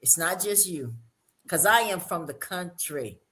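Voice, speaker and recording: A woman from Alabama with a Southern accent, hosting a casual panel chat with lively, teasing, folksy talk. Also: fairly low pitch, a little slow, a crowd in the background. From Monroeville, Alabama. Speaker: show host.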